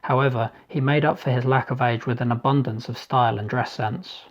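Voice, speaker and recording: Man, author narrating audiobook, measured, steady, mid-pitched, slightly dull lo-fi sound. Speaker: author reading his novel. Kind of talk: scripted narration.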